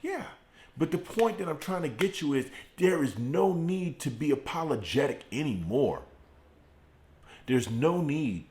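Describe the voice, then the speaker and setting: A middle-aged man hosting a motivational morning live stream from his home garage, preaching with fired-up repetition while deliberately keeping his voice turned down. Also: big pitch swings, a little mellow. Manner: fired-up preaching with repeated phrases, speaking in a deliberately lowered voice. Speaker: host of a morning motivational show.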